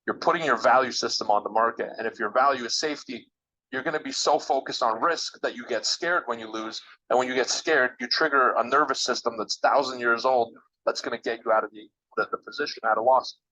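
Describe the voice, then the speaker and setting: A man's voice: medium pitch, brisk, sharp tone, poor audio. A man interviewed as a guest trader, giving emphatic, motivational advice straight to the listeners. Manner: emphatic, coaching, direct address to listeners.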